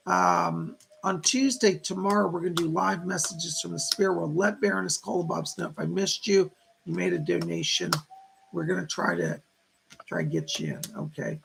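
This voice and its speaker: A man's voice: high-pitched, animated, moderate pace, gravelly, a bit bright, slight background noise. A man hosting a casual livestream as a psychic, chatting to viewers and greeting names from the chat.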